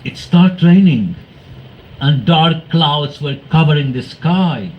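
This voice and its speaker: A man speaking to a devotional gathering, telling anecdotes in an animated way, acting out quoted voices and laughing often. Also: on the high side, slow pace, dull audio. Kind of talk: storytelling talk to a congregation.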